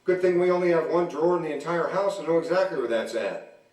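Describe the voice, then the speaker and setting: A man in his forties doing stand-up comedy at a church event, telling deadpan stories about his marriage and acting out both sides of the arguments. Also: fairly high pitch, fast. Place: church hall. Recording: echoey hall, mic from a distance.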